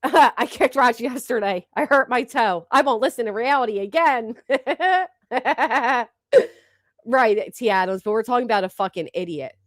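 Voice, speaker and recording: A woman's voice: fairly high pitch, fairly quick, hardly any pauses, no room sound, studio quality. A woman doing live-stream reaction commentary, blunt and mocking, swearing freely as she talks over clips.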